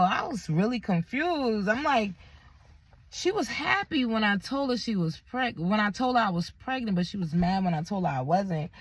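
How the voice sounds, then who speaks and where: A woman's voice: medium pitch, animated, normal speed, dry recording. A young woman, candidly retelling a personal story in a vlog, with lots of quoted dialogue and blunt language.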